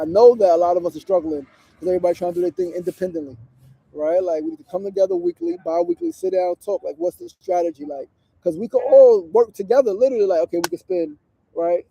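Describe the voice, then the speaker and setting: This is a man hosting a casual livestream outdoors on a street corner. His voice sits high for a man, yet it sounds gravelly and very dark in tone. He talks earnestly and emotionally, with plenty of swearing. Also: low-quality recording. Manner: earnest, emotional, profane and conversational. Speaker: livestream host and community organizer. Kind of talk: casual motivational livestream talk.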